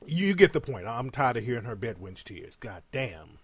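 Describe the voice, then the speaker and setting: A man's voice: mid-range voice, big pitch swings, normal speed, breathy edge, no echo. A man giving a heated, profane and mocking reaction commentary on video clips.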